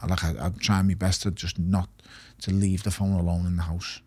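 A man's voice: deep voice, flat delivery, fairly quick, warm tone, slightly rough, dry recording. A middle-aged man, a retired boxer talking candidly in an interview, blunt and swearing. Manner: blunt, swears often, repeats words when emphatic. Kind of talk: candid podcast conversation.

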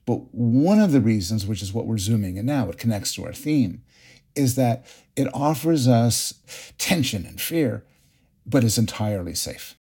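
A middle-aged man, a psychologist guest on a podcast, explaining ideas and telling stories in an animated way. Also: medium pitch, normal speed, slightly rough. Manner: explanatory, animated storytelling with restarts. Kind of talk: interview.

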